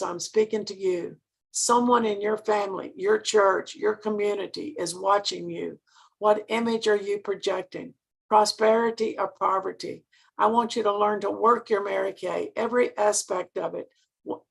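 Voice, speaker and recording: Gravelly older woman giving a pep talk. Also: medium pitch, fairly even intonation, moderate pace. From Mississippi, US. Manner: earnest, preacherly, asks the listeners direct questions. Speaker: sales director giving a training talk. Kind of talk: motivational talk.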